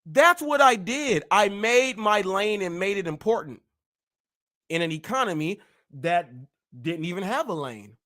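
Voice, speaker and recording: A man hosting a live stream, boasting and trash-talking in rapid-fire wordplay. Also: high-pitched, lively intonation, a bit bright. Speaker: host.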